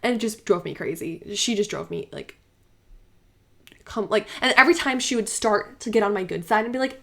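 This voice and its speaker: A young woman hosting a let's play, talking in a chatty, animated way with frequent laughs and fillers. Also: a little high, fairly quick. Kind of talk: casual gaming commentary.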